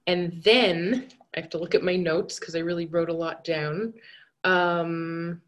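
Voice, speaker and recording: Woman telling her vision trip, kinda low voice, rambly with lots of likes and ums, earnest. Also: fairly even intonation, a little slow, muffled recording. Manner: rambling, hesitant, many fillers; earnest and reflective. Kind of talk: recounting a guided vision journey.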